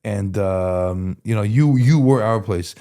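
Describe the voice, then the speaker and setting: A man in his forties talks candidly as an interview guest, his voice sitting slightly low. He rambles through stories, restarting words and dropping casual slang. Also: slow, dark tone. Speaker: guest in recovery. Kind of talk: casual conversational storytelling.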